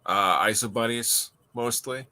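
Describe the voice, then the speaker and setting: Man, co-host, casual chat, bright tone, dry teasing quips. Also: mid-range voice, unhurried. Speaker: podcast co-host.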